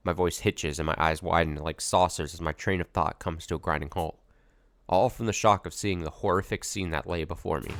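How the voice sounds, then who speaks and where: A man's voice: low-pitched, fairly even intonation, fairly quick, dry recording, clean studio sound. A man streaming a video game, reading its story text aloud dramatically and adding wry asides.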